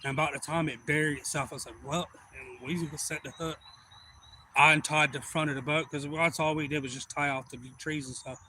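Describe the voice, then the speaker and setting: A man hosting a fishing livestream, telling a rambling, folksy story that turns loud and excited. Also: on the high side, brisk, slight background noise, low-quality recording.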